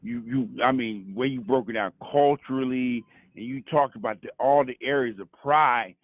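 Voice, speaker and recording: A man's voice: mid-range voice, normal speed, dry recording. A man from Brooklyn, calling in to share a testimony, full of stammered restarts and "you know what I'm saying". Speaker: caller. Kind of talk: casual testimony on a call. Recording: dry tinny phone line.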